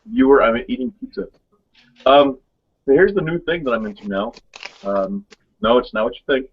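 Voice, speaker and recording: Co-hosting a casual webcast chat, a man rambles through stories, laughing often and using plenty of fillers. His husky voice sits at medium pitch, very animated and at normal speed. The audio is dull and lo-fi.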